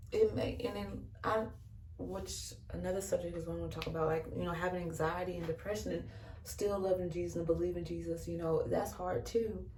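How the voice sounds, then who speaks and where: A woman's voice: fairly low pitch, darkish tone, a little hiss or hum. Earnest young woman vlogger in a roomy space. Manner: earnest and chatty, many "you know" fillers, laughs between points. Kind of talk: casual faith testimony chat while getting ready. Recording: roomy sound from a mic some distance away.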